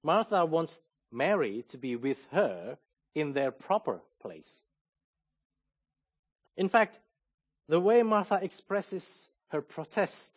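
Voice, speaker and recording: Male preacher, measured teaching sermon, lively pitch, slightly high voice. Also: husky, lo-fi sound. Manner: measured, explanatory, lively intonation.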